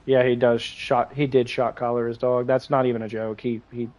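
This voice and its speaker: A man's voice: medium pitch, little pitch movement, normal speed, darkish tone. A young man live-streaming a game and ranting in a heated, profane, rambling way, with many restarts. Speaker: gaming livestreamer. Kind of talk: ranting live-stream commentary while gaming. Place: at home at a game console.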